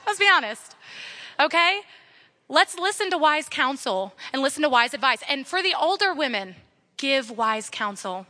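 A young woman preaches to a group of women in an earnest, exhorting way and says her main points more than once. Her voice sits high and comes across bright and clear. She talks like a speaker in a church setting. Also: very animated, normal speed. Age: young adult. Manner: earnest, exhortative, repeating key phrases. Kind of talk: sermon.

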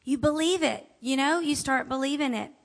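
A woman's voice: sits high, moderate pace, creaky. A woman speaker giving an inspirational talk to a women's audience, emphatic and chatty, repeating affirmations, calling out amen and asking the room questions.

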